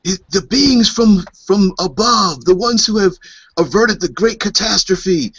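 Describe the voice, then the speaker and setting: A man doing an awed temple priest, reverent and pleading, pitched well above his own low voice. The recording is dull and lo-fi, as from a home tabletop session. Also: lively intonation, measured pace, a bit bright, husky, dry recording, heavily acted.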